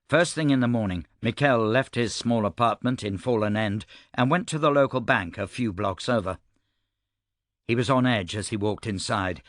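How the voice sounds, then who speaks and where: A man reading an audiobook in steady, even scripted narration. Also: on the low side, no room sound, clean studio sound.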